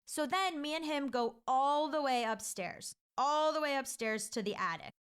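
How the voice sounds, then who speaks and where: A woman's voice: high-pitched, expressive, normal speed, a bit bright. A woman telling a personal ghost story in a chatty, casual way, full of filler likes and restarts.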